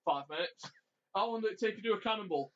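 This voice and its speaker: A man co-hosting a podcast, telling a road story in an animated, ranting way and swearing freely. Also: high-pitched, quick pace. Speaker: podcast co-host. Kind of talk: casual storytelling chat. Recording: dull lo-fi audio.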